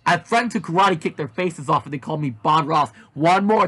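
Husky man reading a fan story. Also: on the high side, fairly quick. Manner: animated, with shouted outbursts. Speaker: reader.

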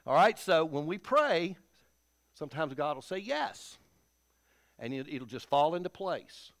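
A man's voice: on the high side, big pitch swings, unhurried. A Texan man preaching a sermon in a church, folksy and storytelling, with a homespun ease. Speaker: pastor. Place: church sanctuary.

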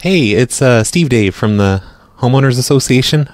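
A man hosting a live radio show and making prank phone calls, speaking deadpan and often stumbling over his words. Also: medium pitch, normal speed, dry recording. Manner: deadpan, stammers and repeats words. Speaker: prank-call radio host.

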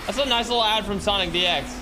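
A man's voice: high voice, fast, background noise. A young man casually commenting on a video game he is playing, joking and greeting viewers by name. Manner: jokey, chats with viewers while playing. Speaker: streamer. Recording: game music playing behind.

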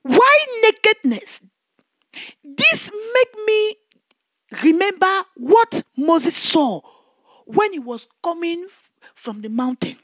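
Woman evangelist, very high voice, emotional testimony, repeats words, dry close sound. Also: sing-song, slow pace, pauses often, fairly bright tone, dry recording. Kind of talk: testimony preaching.

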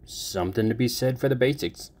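A man's voice: mid-range voice, brisk, darkish tone, voice pushed up, natural voice. Brief: cocky young male fighter, flippant quips, narrator's put-on voice. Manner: flippant wisecracks.

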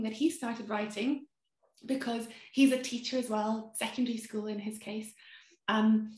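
Admiring woman interviewer, roomy sound. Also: a little high. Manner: warm, admiring, with many fillers. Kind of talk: literary interview. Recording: roomy echo.

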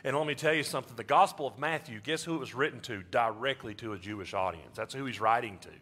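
A man preaching a sermon as pastor, animated and jumping high in pitch to stress his points. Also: fast, slightly rough.

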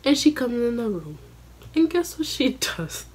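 A young woman vlogger telling a story in a casual, animated, profane way, acting out her own panicked lines. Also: on the high side, unhurried, noisy background. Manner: animated, profane, dramatic self-quoting.

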